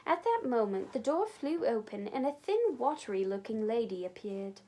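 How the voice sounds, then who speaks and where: A woman librarian reads a children's storybook aloud. Her storytelling is expressive and animated, with a fairly high voice that swings widely in pitch. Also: moderate pace.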